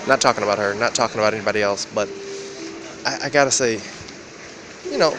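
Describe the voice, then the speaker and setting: A man vlogging in a rambling, profane monologue, acting out quoted exchanges with sudden jumps in pitch. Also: expressive, fairly quick, crowd noise. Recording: loud background ambience.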